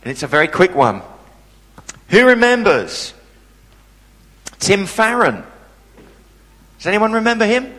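A man's voice: high-pitched, fairly bright tone, long reverb tail, low-quality recording. A man preaching a sermon, telling a story with animation and asking the congregation questions.

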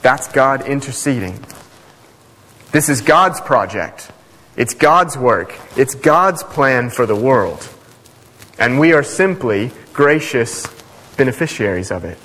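A male preacher giving a sermon, emphatic, speeding through asides and slowing hard on key phrases. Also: medium pitch, expressive, a bit bright. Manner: emphatic, swings between fast asides and slow stressed phrases. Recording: echoey hall.

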